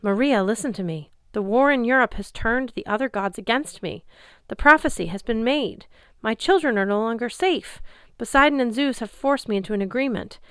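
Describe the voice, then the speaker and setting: A woman's voice: on the high side, normal speed, few pauses, clean tone, dry recording, clean studio sound, pitched above the performer's own voice, natural voice. A woman voicing an agitated male god of the dead who pleads urgently. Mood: pleading.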